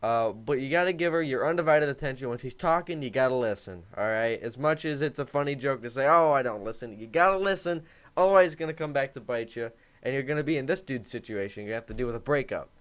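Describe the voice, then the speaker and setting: A man's voice: mid-range voice, fast talker. A teenage boy hosting a comedic advice monologue, talking in a joking, mock-authoritative way. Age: teens. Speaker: host.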